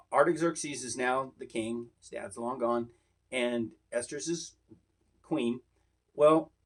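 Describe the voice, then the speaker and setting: A man with a husky, slightly breathy voice teaching a Bible lesson in a loose, conversational way. He wanders into asides and then returns to his point. His pitch sits in a mid range.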